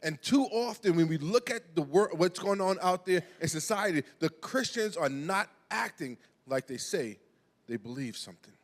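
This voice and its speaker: A man's voice: sits high, lively intonation, normal speed. A middle-aged man preaching a sermon in a conversational way, restarting words and often asking "right?". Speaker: pastor. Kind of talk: sermon with personal storytelling. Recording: long hall reverb.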